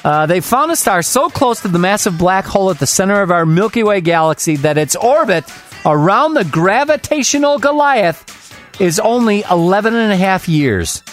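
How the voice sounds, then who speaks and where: A man co-hosting a loose, jokey show, running through odd science and celebrity news with asides. His voice sits a bit high and swings around a lot. A faint music bed plays underneath. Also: big pitch swings, normal speed. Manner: jokey, reads news items aloud with asides. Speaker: co-host. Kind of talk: casual radio-style banter.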